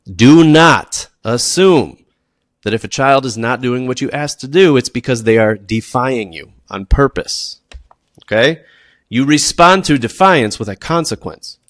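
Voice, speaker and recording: A man who teaches PE, presenting classroom tips in an animated, emphatic way and often checking in with "okay?". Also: medium pitch, unhurried, no echo, studio quality. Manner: animated, acts out students and teachers.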